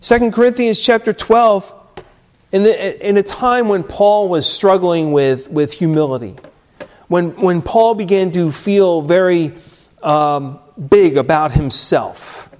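A man preaching a sermon, emphatic, with dramatic drops to a quiet voice on key phrases. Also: sits high, slow pace. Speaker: pastor.

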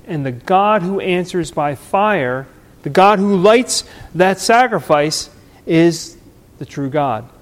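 High-voiced man preaching slowly. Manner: dramatic, storytelling, swings loud and soft. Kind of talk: sermon. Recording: long hall reverb.

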